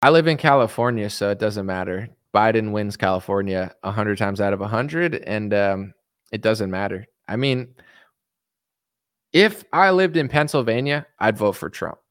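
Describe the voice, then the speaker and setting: American dude rambling thru viewer comments, blunt and kinda defensive, lots of "like", dead dry room. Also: male voice, on the low side, animated, normal speed, clear, resonant tone, no echo. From United States. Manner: rambling, full of "like" and "you know" fillers. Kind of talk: casual reaction chat.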